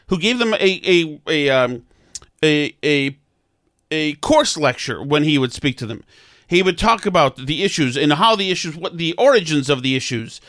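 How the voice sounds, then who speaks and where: A man's voice: a little high, fairly bright tone, no room sound, studio quality. A man hosting a political talk show, giving blunt, sarcastic commentary with frequent stammered restarts.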